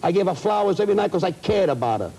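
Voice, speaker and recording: A man's voice: sits high, big pitch swings, gravelly, dark tone, slightly rough, low-quality recording. A man, a comedian, complaining indignantly in a heated talk show interview. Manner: indignant, ranting, rapid-fire complaints. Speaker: comedian guest. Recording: old broadcast audio.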